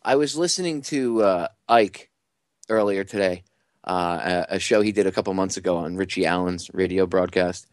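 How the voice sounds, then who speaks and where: A man's voice: sits low, moderate pace, no room sound, clean studio sound. A man co-hosting a talk radio show, telling rambling, conspiratorial stories in casual banter. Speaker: radio co-host.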